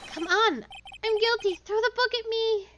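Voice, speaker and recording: A woman yelling as a frantic young man confessing. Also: sits high, expressive, moderate pace, pitched above the performer's own voice. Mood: frantic shouting. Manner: shouting, stammering. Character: loud excitable young man confessing to theft. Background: game music.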